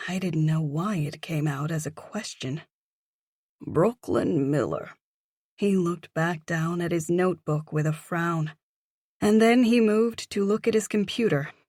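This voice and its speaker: A woman narrating an audiobook in the first person, with gentle, expressive storytelling. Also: fairly low pitch, normal speed, no echo, clean studio sound.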